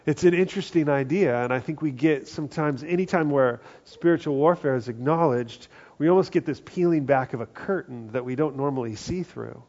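A man's voice: a little high, a little fast, few pauses. Man preaching a conversational sermon. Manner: acts out quoted voices, often dropping to a hushed tone. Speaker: pastor. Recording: dull lo-fi sound.

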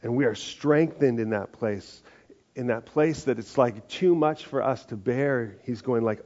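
A man preaching a sermon in a conversational way, slowing down for emphasis and adding lively asides. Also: medium pitch. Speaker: pastor. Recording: muffled live sermon audio.

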